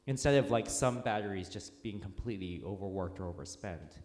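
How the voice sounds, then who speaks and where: A male pastor gives a relaxed, conversational sermon, telling stories with plenty of fillers and restarts. His voice sits fairly low. The sound carries the long, roomy reverb of a church hall. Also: fairly quick. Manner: informal, storytelling with fillers and restarts. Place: church sanctuary.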